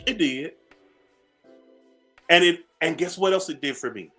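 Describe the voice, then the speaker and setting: On a morning radio show with soft music behind him, a male host with a highish, sharp voice rants at an unhurried pace. His tone is sassy and preachy; he addresses listeners as "baby" and repeats phrases to drive his point home.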